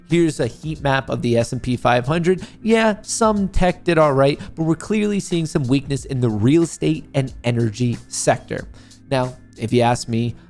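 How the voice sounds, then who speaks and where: A man's voice: medium pitch, a little mellow. A man hosting a daily stock market update in a playful, slangy, upbeat way. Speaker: market commentary show host.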